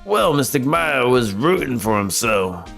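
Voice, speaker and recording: Brief: excitable little girl, high sing-song squeak with gravel, done by a male streamer, bright and lively. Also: a little slow, soft background music, exaggerated voice. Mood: curious.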